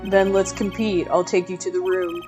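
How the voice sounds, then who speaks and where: A woman's voice: on the low side, level tone, moderate pace, natural voice. A woman voicing a laid-back male piano player in a fan-voiced game playthrough.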